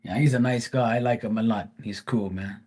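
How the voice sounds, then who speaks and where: A man's voice: on the low side, fairly even intonation, a little fast, a little mellow. A man hosting a live stream, telling a casual story in a blunt, profane, rambling way.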